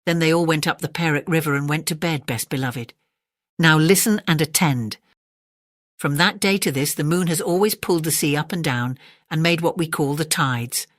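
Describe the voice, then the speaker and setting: A calm storyteller reads a classic children's tale at bedtime in a mid-pitched voice. The recording is dry and close, with no room echo. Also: normal speed.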